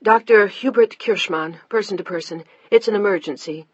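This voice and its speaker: A narrator voicing a frantic mother calling overseas, urgent and pleading, shouting into a bad phone line. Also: medium pitch, moderate pace, breathy edge, dry recording, voice pushed up, close to an everyday voice.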